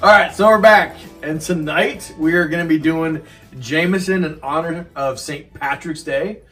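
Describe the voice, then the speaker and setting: A man hosting a casual whiskey chat in a basement, jokey and quick to laugh. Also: on the high side, fairly bright tone, soft background music. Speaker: host. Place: basement room. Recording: distant mic, faint noise.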